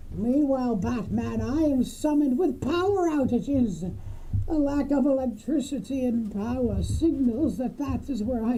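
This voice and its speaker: A woman's voice: a little high, mellow, slight background noise, low-quality recording. A woman doing an impression of a menacing masked male villain, delivering a grandiose, theatrical monologue through a respirator. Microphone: wearing a respirator mask.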